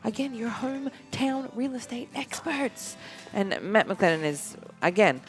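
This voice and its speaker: A woman's voice: on the high side, very animated, a little slow, faint music behind. A woman co-hosting a podcast, reading the sponsor list in an upbeat, chatty way. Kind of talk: casual sponsor read.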